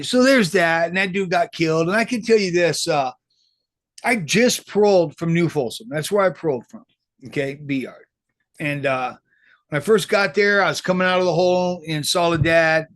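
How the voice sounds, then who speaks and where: A man's voice: on the high side, fairly bright tone, no room sound, studio quality. A man who was recently paroled, giving casual, rambling commentary full of swearing and street slang. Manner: rambling, profane street talk. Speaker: formerly incarcerated commentator.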